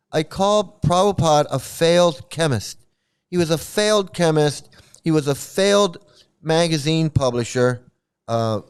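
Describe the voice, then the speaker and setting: This is casual livestream commentary from a middle-aged channel host discussing a cult. He talks at length in a clean, rather high voice, rambling and cursing, frequently stammering and bursting into laughter.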